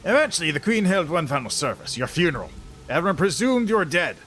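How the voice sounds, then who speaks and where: A tired old-soldier dwarf, solemn and dutiful, with a fairly high voice that rises and falls a lot, as a man reads his lines for a game. His speech sways with feeling. Faint game music plays behind him. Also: sing-song, quick pace, a bit bright. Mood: wistful. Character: weary battle-worn male dwarf banner guard. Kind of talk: reading game dialogue aloud in character.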